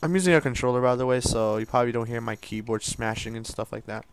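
A man's voice: medium pitch, fast talker, gravelly, dry recording. A young man giving casual, joking running commentary while playing a video game with a controller. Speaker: gaming YouTuber.

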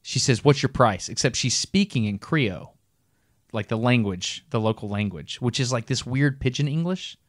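Animated man telling a story, dry sound. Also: mid-range voice, moderate pace, dry recording. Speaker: podcast co-host. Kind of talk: casual storytelling chat.

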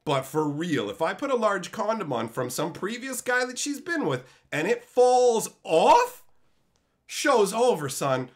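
A man in his thirties from Canada, ranting crudely on a live stream, swearing freely and bragging, swinging from loud outbursts to mumbles. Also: high voice, big pitch swings, unhurried, hardly any pauses.

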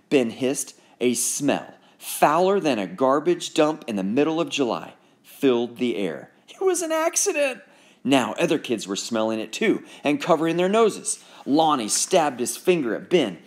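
Male narrator for a children's storybook, mid-pitched, lively delivery. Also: a little slow. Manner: expressive, animated reading. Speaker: audiobook narrator.

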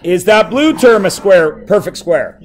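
A man's voice: high voice, big pitch swings, unhurried. A male math teacher in a classroom, playfully quizzing his students and joking with them. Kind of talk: classroom lesson.

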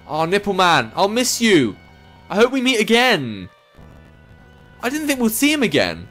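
A man hosting a game let's play, reading lines aloud with jokey, excitable, sing-song asides. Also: sits high, normal speed, pauses often, soft background music.

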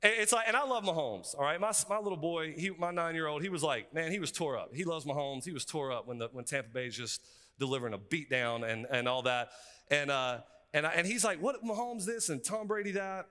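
High, bright preacher man. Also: fairly quick. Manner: energetic, conversational preaching with frequent asides. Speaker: pastor. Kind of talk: sermon. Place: seminary chapel. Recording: reverberant hall.

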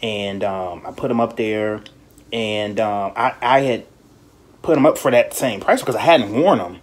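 A man hosting a podcast in casual chat, telling stories in an animated, profane way and mimicking people in high voices. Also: a little slow. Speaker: podcast host.

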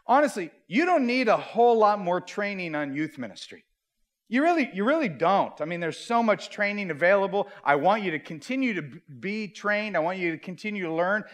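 A middle-aged male pastor speaks to a room of youth leaders with a fairly high, bright-edged voice. He tells stories with comic timing, mocks himself and slips into the voices of the people in them. His delivery is animated and conversational rather than preached. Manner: animated storyteller, acts out quoted voices, self-mocking. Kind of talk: humorous conference talk. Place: large conference hall.

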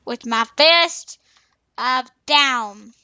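A woman's voice: high voice, extremely slow, bright, forceful tone, smooth, no echo. A young woman casually commenting on her gameplay, playful and chatty, repeating teasing taunts. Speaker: gaming channel host.

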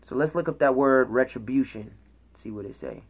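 A woman with an extremely low, slightly rough voice preaches a Bible study at a brisk clip. She's an emphatic teacher who reads scripture aloud, explains words, and keeps checking in with "okay?" and "all right?"

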